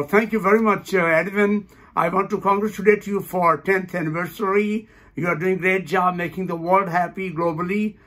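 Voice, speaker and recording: High-voiced man leading laughter yoga. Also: fairly bright tone. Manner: bursts into laughter and rhythmic ho-ho ha-ha chanting; cheerful, upbeat coaching.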